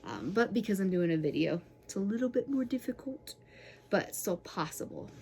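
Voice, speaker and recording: A woman's voice: medium pitch, moderate pace. A young woman talks through a self-massage tutorial at home in a loose, conversational way. She sighs and lets out small groans of relief between explanations. A faint hiss sits under her voice from the camera mic. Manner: relaxed, chatty, frequent sighs and breathy groans of relief. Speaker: massage tool demonstrator.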